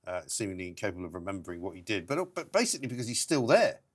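A man hosting a casual panel chat, wry and quick with his points. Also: deep voice, very animated, husky. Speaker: talk show host.

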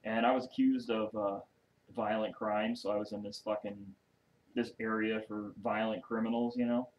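A man's voice: on the low side, little pitch movement, moderate pace, slight background noise, poor audio. A man guesting on a podcast, telling a long story in a casual, rambling way with constant cursing and side remarks. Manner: heavy cursing, rambling asides.

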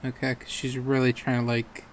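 A man's voice: mid-range voice, monotone, normal speed, slight background noise. A young man chatting casually while playing a game, joking and curious, with some swearing. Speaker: game player. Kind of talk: casual let's-play chat.

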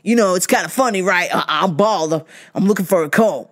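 A woman's voice: lowish voice, fairly quick, natural voice. A woman doing an eager, stammering bald guy. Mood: insistent. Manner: eager, stammering, pleased with himself. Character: cheerful bald man customer, oblivious.

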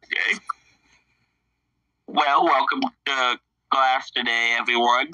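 A man playing a teacher in a loose role-play session, crude and joking, with plenty of laughter. His voice is very bright and cutting. He sits a little away from the mic in a dry, dead room. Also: mid-range voice, steady tone, slow, no echo, distant mic, rough recording. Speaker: player acting as teacher. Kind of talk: casual role-play banter.

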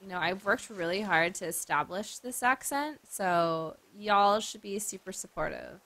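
A young Australian woman commenting on her gameplay, animated and joking, with plenty of swearing. Her bright voice rises and dips widely, and she takes her time between remarks. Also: medium pitch, a little slow. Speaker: let's play host.

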